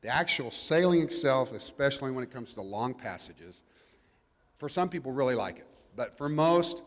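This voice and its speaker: A middle-aged man with a drawl tells a crowd about his life in a loose, joking way, doubling back on his words as he goes. His voice sits at an ordinary middle pitch. It rings with a long reverb, as if picked up in a big public venue. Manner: folksy, joking, rambling with restarts. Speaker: guest speaker, cruising family father. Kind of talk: informal talk to an audience. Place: event venue before a live audience.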